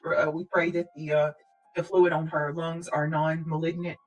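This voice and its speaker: A woman hosting a casual livestream and talking directly to her viewers. She speaks earnestly and prayerfully, and she keeps clearing her throat and coughing. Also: low-pitched, flat delivery, moderate pace, dull audio, soft background music. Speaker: livestream host.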